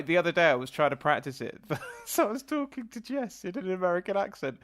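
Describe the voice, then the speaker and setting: A man co-hosting a casual podcast, telling animated anecdotes and laughing along. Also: on the high side. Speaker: podcast co-host.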